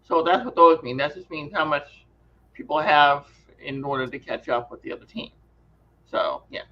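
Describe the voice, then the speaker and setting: A man's voice: fairly high pitch, normal speed, lo-fi sound, slight background noise. A man on a video call explaining the numbers step by step in a casual, teasing way. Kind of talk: casual livestream chat.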